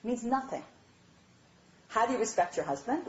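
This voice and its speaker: A woman giving a lively, chatty lecture on marriage, often checking in with her audience. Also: a little high, normal speed, a little hiss or hum. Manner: animated, chatty, asks "all right?" often. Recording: dull, roomy hall recording.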